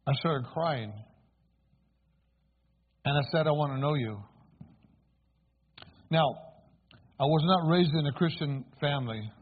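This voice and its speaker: A man's voice: fairly high pitch, a little hiss or hum. A man preaching his own conversion story as a sermon, telling it earnestly and asking the congregation for replies. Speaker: preacher giving testimony. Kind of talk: sermon testimony. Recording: tinny phone-like sound.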